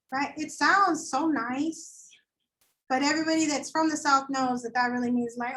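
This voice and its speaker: A woman teaching a high school English lecture, chatty and animated, acting out quoted voices as she explains. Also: moderate pace, low-quality recording. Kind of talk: classroom lecture.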